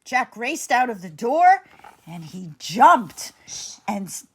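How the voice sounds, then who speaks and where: A woman reading a bedtime story aloud in an expressive, dramatic way. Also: fairly high pitch, slow, slightly rough.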